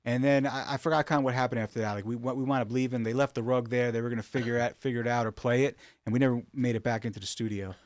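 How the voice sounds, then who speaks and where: A man telling stories in a casual, animated way, with many fillers and restarts, recorded in a studio. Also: mid-range voice, racing, few pauses, no room sound. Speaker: rug artist guest. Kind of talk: casual storytelling.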